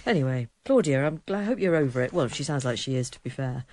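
A woman's voice: extremely low pitch, animated, fast, a little mellow. Wry English woman podcast co-host. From England. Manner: wry, self-deprecating storytelling. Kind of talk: casual chat, anecdote telling.

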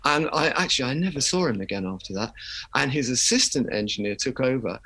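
A man's voice: medium pitch, animated, fairly quick, bright, forceful tone, slightly rough. An older man, a musician guest, telling chatty anecdotes in an interview and laughing as he goes. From England.

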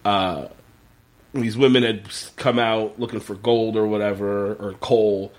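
A man in casual podcast chat, recapping a TV episode in an animated way with plenty of fillers and swearing. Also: fairly low pitch, a little slow. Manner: animated, profane, lots of fillers. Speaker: podcast co-host.

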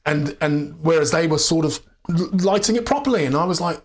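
A man's voice: fairly high pitch, normal speed. An English actor, a man, telling anecdotes as a guest in a candid interview, restarting sentences and laughing often. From England. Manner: animated storyteller, many restarts and laughs.

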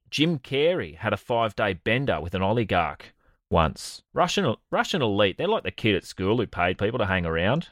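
Man, deep, sardonic podcast co-host, dry close sound. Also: a bit bright, no room sound. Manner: sardonic, profane storytelling. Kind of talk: comedic podcast banter.

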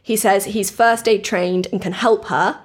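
A woman in relaxed conversation, walking a listener through a story. She talks in a chatty, casual way at a middle pitch and acts out what people said. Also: unhurried, slightly rough. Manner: chatty, laughs often, acts out quotes. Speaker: podcast host telling a true crime story.

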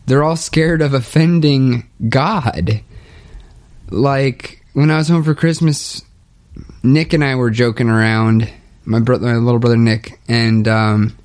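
Slow, halting young man, low in spirits. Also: a little mellow. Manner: halting, hesitant, full of restarts. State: low and dejected. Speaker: podcaster documenting his spiritual journey. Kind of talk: confessional monologue.

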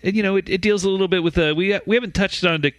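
A man's voice: high-pitched, very fast, dry recording. A man co-hosting a comedy podcast, reading news stories aloud with frequent stumbles and restarts.

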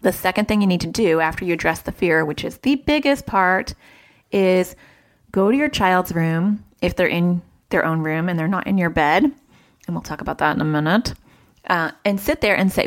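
A woman in her thirties, a child therapist, giving parenting advice in a chatty, animated way. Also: on the low side, moderate pace. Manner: chatty, animated when quoting family. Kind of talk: casual advice talk.

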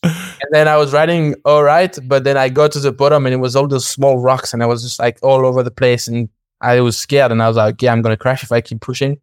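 Young male guest, lively storyteller, acts out dialogue, smooth clear voice, mid pitch. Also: quick pace, no room sound, clean studio sound. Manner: animated, acts out quoted dialogue, laughs often, swears. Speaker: podcast guest. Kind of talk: casual storytelling.

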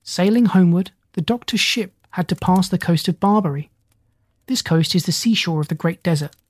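An audiobook narrator reading a children's adventure story in a steady, measured way. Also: medium pitch, no echo.

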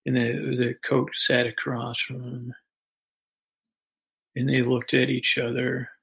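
A man with a deeply gravelly, husky voice spins a meandering comic story. He keeps stopping, restarting and wandering off into asides. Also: flat delivery, a bit bright, poor audio. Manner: halting, full of restarts and asides. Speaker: comedy storyteller. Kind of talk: rambling improvised comic story.

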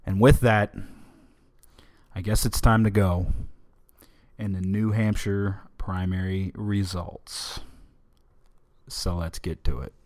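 A man's voice: sits low, steady tone, takes it slowly, pauses often, a little mellow. A man hosting a political podcast, giving opinionated, emphatic commentary in a conversational way. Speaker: podcast host.

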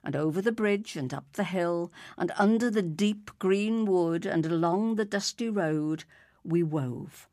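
A woman reading a story aloud, unhurried and expressive. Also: fairly low pitch, no room sound, studio quality.

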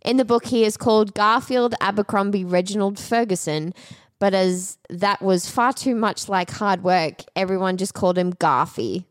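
A woman co-hosting a chatty podcast, reading out quirky news items in a relaxed way. She giggles often and trips over words now and then. Her voice is mid-pitched and dry, with little room sound around it. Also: normal speed, no room sound. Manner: giggly, reads with stumbles and laughs. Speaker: podcast co-host. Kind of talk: casual chat, reading out news stories.

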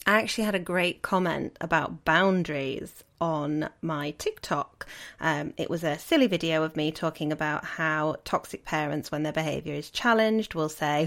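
A woman's voice: low-pitched, moderate pace, a bit bright. A woman hosting a solo podcast, talking in an earnest, reflective, conversational way as a coach.

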